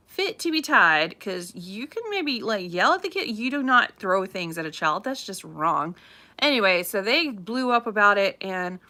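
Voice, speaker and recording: Woman, bright voice, chatty, gossipy livestream talk, from Florida. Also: mid-range voice. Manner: chatty, animated, says "craziness" often. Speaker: realtor livestream host. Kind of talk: casual gossipy livestream chat.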